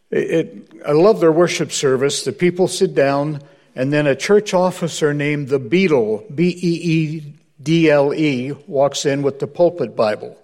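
A man's voice: a little high, a little mellow. Man preaching a humorous, emphatic sermon. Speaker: guest preacher.

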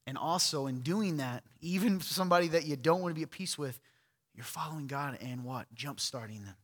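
A man's voice: on the high side, a little fast, a bit bright. A man preaching a sermon to a church crowd, talking in a direct, pointed, conversational way. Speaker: pastor.

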